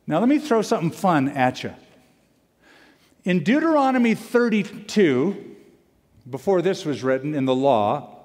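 A male pastor preaching a sermon, animated and emphatic, repeating key lines for weight. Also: on the high side. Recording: long hall reverb.

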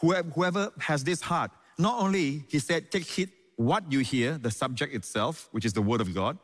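A man's voice: a little high, normal speed, in a large hall. A man preaching a sermon as pastor, stressing lines and calling out hallelujah. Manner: preaching with emphatic repeated lines and call-outs of hallelujah.

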